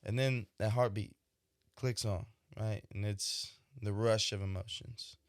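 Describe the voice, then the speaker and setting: Unhurried and lowish, with fairly even intonation, this young man hosts a podcast as an expecting father. He reflects casually, often checking in with "right?" The studio-quality audio carries no echo.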